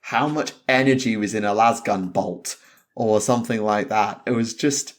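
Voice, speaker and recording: A man's voice: lowish voice, moderate pace. A man hosting a podcast, ranting emphatically and swearing, often breaking into laughter. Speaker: podcast host. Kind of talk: casual podcast chat.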